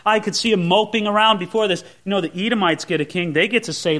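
Preaching a sermon, a male pastor with a high-pitched voice talks fast with few pauses. He's animated, acting out the scenes and slipping into different voices.

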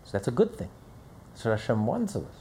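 A man's voice: medium pitch, wildly swooping pitch, fast talker, mellow, a little hiss or hum. A man teaching a religious lesson in an emphatic manner, with rhetorical questions and repeated phrases. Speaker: Torah teacher.

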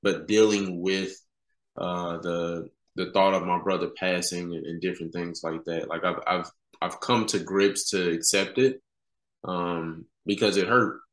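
Podcast guest, man in his thirties, laid-back slangy storyteller, low voice. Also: fairly even intonation, unhurried. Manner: casual slangy talk, many "you know" fillers. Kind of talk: candid conversational storytelling. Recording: roomy echo.

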